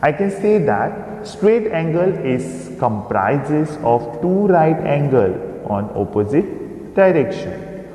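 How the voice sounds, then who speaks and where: A man teaching a recorded maths lesson, explaining slowly and pointing out figures on screen. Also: fairly high pitch, very animated, dark tone. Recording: echoey room with long reverb.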